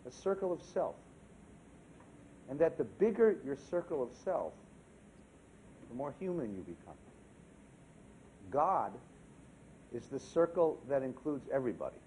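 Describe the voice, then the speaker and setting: A rabbi preaches at a service in a fairly high, lively voice. He is animated and humorous and keeps asking his listeners questions. Faint noise sits under the recording. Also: rough recording. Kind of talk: sermon. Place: synagogue during a service.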